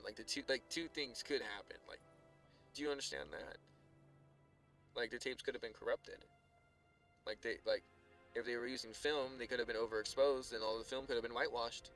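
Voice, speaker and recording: A man talking casually on a live stream, rambling with lots of filler words and swearing, sometimes quiet and sometimes heated. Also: mid-range voice. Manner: swings from subdued to heated ranting.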